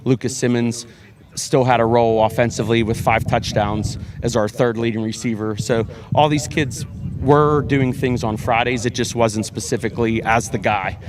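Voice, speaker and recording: Earnest high school football coach. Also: male voice, steady tone, normal speed, background noise. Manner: earnest, repeats words, many fillers and restarts. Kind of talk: sports interview.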